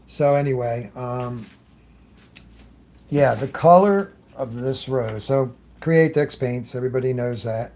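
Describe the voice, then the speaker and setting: A man's voice: medium pitch, a little slow, a little mellow, a little hiss or hum. A man hosting a live airbrush demonstration, chatting loosely as he works, greeting viewers and often trailing off mid-thought. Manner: talks while working, trailing off often. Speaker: airbrush artist hosting a livestream.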